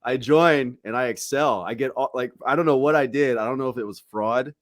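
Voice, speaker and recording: Man, podcast host, dry close sound, profane animated storytelling. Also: mid-range voice, brisk, no room sound. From Tampa, Florida. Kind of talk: casual storytelling chat.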